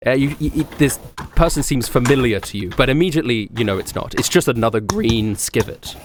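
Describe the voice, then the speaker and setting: A man narrating as game master of a tabletop game, animated and laughing often, with many fillers. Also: mid-range voice, a little fast, noisy background.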